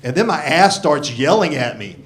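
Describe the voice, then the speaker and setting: A man's voice: fairly high pitch, sing-song, moderate pace, slight background noise. A man in his sixties doing a profane, self-deprecating stand-up set into a handheld microphone on a comedy club stage. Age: 60s. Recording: live comedy club with audience laughter.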